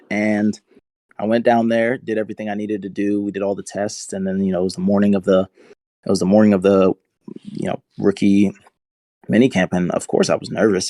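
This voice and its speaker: Young man, podcast guest, earnest storytelling, flat low delivery, gravelly. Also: dry recording. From United States. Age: 20s. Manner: earnest, emotional retelling. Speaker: guest, football player. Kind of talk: interview storytelling.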